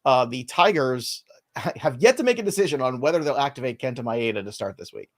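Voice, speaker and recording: A man's voice: medium pitch, expressive. A man hosting a live fantasy baseball podcast, running through injury news with dry sarcastic asides. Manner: wry, sarcastic, quick rundown of injury news.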